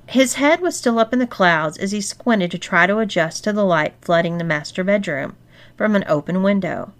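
A woman narrating an erotic story in a steady, expressive reading voice. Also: mid-range voice, moderate pace. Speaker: story reader.

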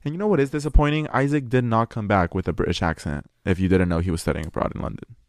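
A man's voice: on the low side, quick pace, dry recording, studio quality. A young man from California co-hosting a casual podcast chat, laughing often, swearing and saying "like" a lot. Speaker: podcast co-host.

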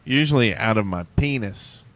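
A man's voice: fairly low pitch, lively intonation, moderate pace, a bit bright. A male podcast co-host in casual banter, tossing out absurd jokes. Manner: joking, absurd non sequiturs.

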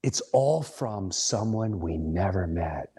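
Slow, rambling man telling a story. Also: sits low, lively intonation, dark tone, slightly rough. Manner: rambling, with frequent restarts. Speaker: comedian and podcast host. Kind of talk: casual storytelling monologue.

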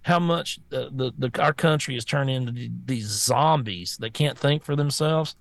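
A man's voice: mid-range voice, moderate pace, creaky, no room sound. A man co-hosting a casual political talk show, blunt and mocking, rambling with restarts. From rural area. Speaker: co-host.

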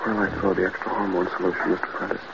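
A man playing a low flat-voiced young assistant. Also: rapid-fire, lightly acted. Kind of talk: 1940s radio acting. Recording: muffled old radio recording with hiss.

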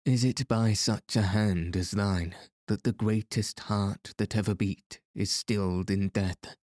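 A man's voice: fairly low pitch, steady tone, measured pace, a little mellow, dry recording, clean studio sound, lightly acted. A man voicing a loyal male outlaw who speaks defiantly and mournfully. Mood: defiant grief.

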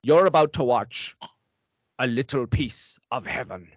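A man's voice: mid-range voice, unhurried, no room sound, close to an everyday voice. A man voicing a strict, threatening older nun who scolds and bosses people around. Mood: scolding. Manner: scolding, bossy. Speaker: host. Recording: dry, dull lo-fi recording.

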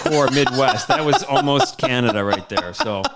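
A man hosting a podcast in casual, excitable chat, often restarting his sentences. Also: mid-range voice, normal speed, a loud crowd. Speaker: podcast host.

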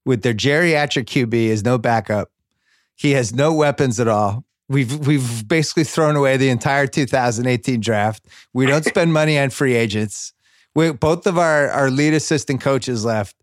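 A man hosting a sports podcast, chatting casually with mock-sentimental excitement in quick rising bursts. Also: mid-range voice, dry recording, clean studio sound. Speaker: podcast host.

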